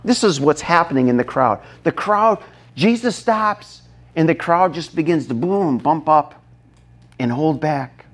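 A man preaching a sermon, telling a Bible story dramatically, dropping to a hush and then acting out shouts. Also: a little high, lively intonation, a little slow. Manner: dramatic, acts out the scene, shifts from hushed to shouting. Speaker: pastor.

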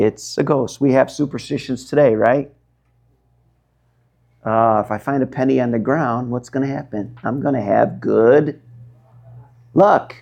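A male pastor preaching a sermon, stretching out words for dramatic emphasis and swinging between quiet and loud. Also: creaky. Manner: dramatic, drawn-out emphasis with wide swings in pitch and loudness.

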